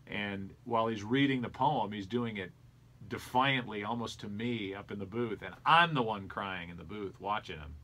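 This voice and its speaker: Low-voiced man telling a personal story. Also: normal speed, a bit bright. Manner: earnest, reflective storyteller. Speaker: sports broadcaster and interview guest. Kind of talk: conversational storytelling.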